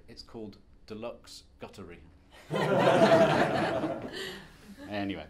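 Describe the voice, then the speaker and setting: A man's voice: lowish voice, noisy background. A man giving a conference presentation as an academic, lecturing in a wry, self-deprecating, conversational way. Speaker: academic speaker.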